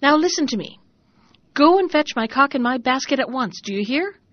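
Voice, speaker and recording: A woman's voice: a little high, very animated, normal speed. A woman voicing a grumbling, scheming middle-aged man in a raised, blustering, demanding storybook voice, in a dull lo-fi recording.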